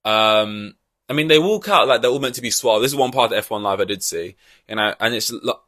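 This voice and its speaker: A man's voice: mid-range voice, fast talker, a bit bright, no room sound, studio quality. A man hosting a podcast, giving blunt, profane opinions in a rambling, casual way. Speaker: podcast host. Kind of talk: casual ranting podcast chat.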